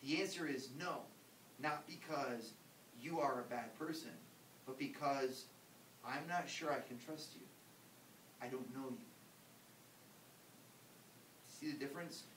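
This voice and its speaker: A man's voice: measured pace, pauses often, fairly bright tone. A man, a priest, giving an informal, conversational ethics lecture and acting out examples. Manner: conversational, emphatic, acts out examples. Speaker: Catholic priest teaching ethics. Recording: roomy, distant mic, faint rumble.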